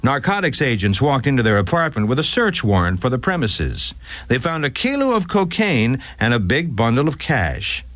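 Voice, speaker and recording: A man's voice: mid-range voice, big pitch swings, normal speed, fairly bright tone, dry recording. A man narrating a scripted radio crime story with a wry touch.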